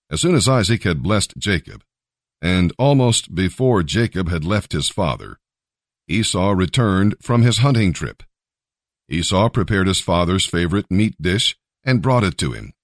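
A man's voice: low-pitched, expressive, normal speed, dry recording, clean studio sound. A man reading scripture aloud and giving a devotional talk, with conversational asides. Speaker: Bible reader and devotional speaker.

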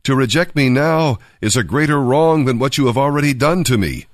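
A man performs as a desperate young princess, pleading in a distraught, raised voice pitched above his own natural register. The delivery is fairly quick with lively intonation at a medium pitch, in clean studio sound without echo.

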